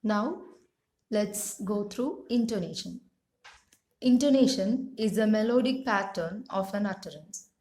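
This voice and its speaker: A woman teaching English pronunciation and intonation, pronouncing each word slowly and carefully. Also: mid-range voice, warm tone. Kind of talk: slow instructional reading of vocabulary. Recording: echoey room.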